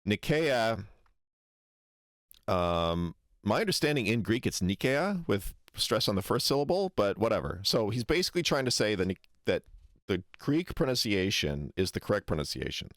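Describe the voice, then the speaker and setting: Male stream host, low and dry-sounding, wry and halting, lots of ums. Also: big pitch swings, a bit bright, dry recording. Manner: hesitant, many ums, wry and skeptical. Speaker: history channel host reacting to a lecture. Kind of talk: casual livestream commentary.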